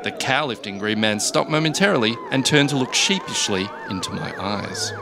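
Man telling a deadpan comic tale. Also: medium pitch, normal speed, gravelly, noisy background. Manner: dry, deadpan storytelling with occasional laughs. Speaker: storyteller. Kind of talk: comic first-person story reading. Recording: background music.

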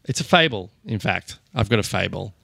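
A man co-hosting a comedy podcast, narrating a spoof fable in a playful, deadpan way. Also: lowish voice, fairly quick, vocal fry, husky, no echo. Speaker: podcast co-host. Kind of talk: comic storytelling.

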